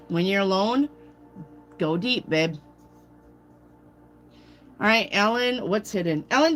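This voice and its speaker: A woman's voice: fairly high pitch, a bit bright. A woman giving a casual live tarot reading, chatty and swearing freely as she calls out viewers by name. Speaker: tarot reader.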